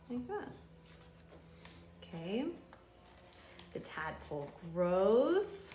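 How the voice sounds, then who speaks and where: Slow, gentle preschool teacher woman. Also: mid-range voice, lively intonation. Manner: slow, gentle, sing-song, speaking to small children. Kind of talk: craft and song lesson for young children. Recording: roomy echo, faint room noise.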